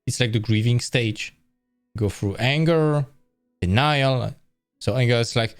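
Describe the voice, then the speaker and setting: Hosting an art stream, a tired man chats casually in a medium-pitched, smooth voice with lively intonation and a measured pace. He rambles and corrects himself as he goes, with faint music playing behind him.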